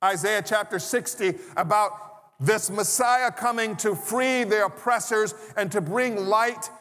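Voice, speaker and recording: In a church sanctuary, a pastor with a notably high voice preaches from the pulpit in a conversational style, adding humorous asides and rhetorical questions. He's unhurried, with a bright, forceful tone, and the large hall gives long reverb.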